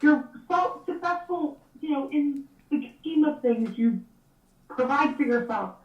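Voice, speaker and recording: A woman's voice: high-pitched, expressive, unhurried, echoey room, distant mic, dull audio. A woman getting over a cold, blunt and exasperated in a casual podcast chat.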